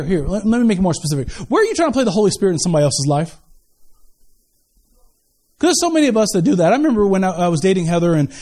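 Middle-aged male pastor, high-pitched, animated and chatty from the pulpit. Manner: animated, conversational preaching with asides and quick retellings. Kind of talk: sermon.

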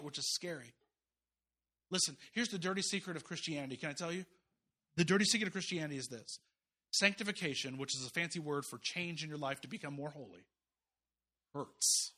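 A man preaching an impassioned, folksy sermon, rising to loud urgent peaks and dropping to quiet asides. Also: fairly high pitch, fairly quick. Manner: folksy, uses y'all and slang. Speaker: guest preacher.

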